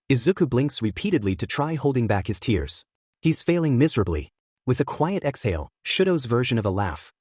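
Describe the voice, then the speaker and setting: A man narrating a fan fiction story aloud in a steady, even storytelling manner. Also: medium pitch, dry recording, clean studio sound. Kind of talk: audiobook reading of fan fiction.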